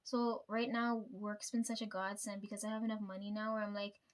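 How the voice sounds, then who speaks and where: A woman's voice: mid-range voice, level tone, fairly quick. A young woman vlogging casually to her viewers, venting about family with lots of swearing and "right?" tags. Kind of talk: casual personal vlog.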